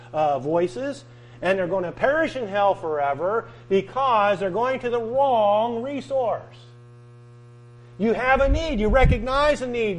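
High-voiced preacher, hum underneath. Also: male voice, rough recording. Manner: emphatic, repeating and drawing out key words, swinging from loud to soft. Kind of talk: sermon.

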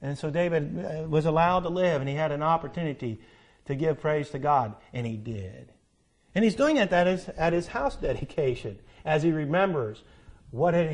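Male pastor, high-pitched, preaches with fervent swells and soft asides. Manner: swings from loud emphatic preaching to hushed earnest tones. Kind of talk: sermon.

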